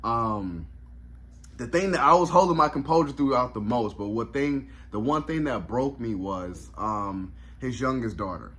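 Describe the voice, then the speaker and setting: A man's voice: mid-range voice, animated, a little slow, fairly bright tone. A man reviewing a comedy special in a casual vlog, reflective and openly emotional, with lots of fillers and restarts.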